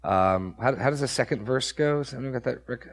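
A man's voice: mid-range voice, fairly quick. A man preaching an expository sermon, emphatic, repeating phrases for stress and putting questions to the congregation. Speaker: pastor.

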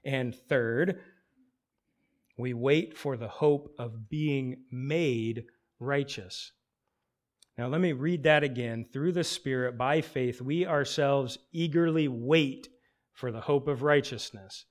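A male preacher delivering a sermon at a slow, measured pace. He speaks emphatically and poses rhetorical questions, with his voice sitting at a middle pitch. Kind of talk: expository sermon.

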